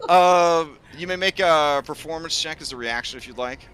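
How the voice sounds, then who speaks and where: Bright-voiced male game master. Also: on the high side, moderate pace, clean tone. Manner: rambling, full of fillers and restarts. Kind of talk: narrating a tabletop game.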